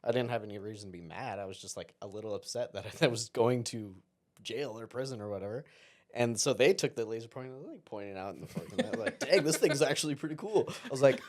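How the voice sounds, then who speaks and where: A man's voice: fairly low pitch, fast talker. A man telling a personal story as a podcast guest, rambling casually and acting out quoted exchanges. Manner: rambling, self-interrupting anecdote with quoted dialogue.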